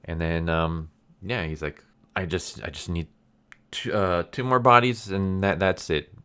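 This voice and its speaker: A man's voice: low-pitched, steady tone, unhurried, clean tone. A man casually retelling a comic's plot in a rambling way, full of fillers and restarts. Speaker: comic reviewer.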